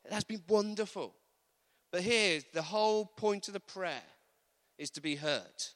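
A man preaching a sermon, animated, acting out quotes with humorous asides. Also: sits high, unhurried. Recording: long reverb of a large hall.

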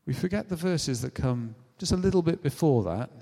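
British preacher in a reverberant hall. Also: male voice, a little high, a little fast, vocal fry. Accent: British English. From Britain. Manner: conversational, animated storytelling with acted-out quotes. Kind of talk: sermon.

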